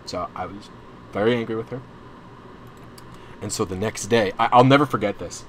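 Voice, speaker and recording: On a stream, a young man recounts a long personal story in a voice on the low side, at a moderate pace, with a faint hiss or hum. It's casual and rambling, packed with restarts and asides, and he sounds plainly anxious and frustrated.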